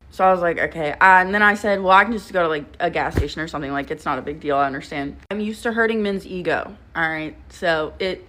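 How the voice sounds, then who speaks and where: A woman, telling a story in a blunt, sarcastic and profane casual storytime vlog. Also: mid-range voice. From Kentucky, US.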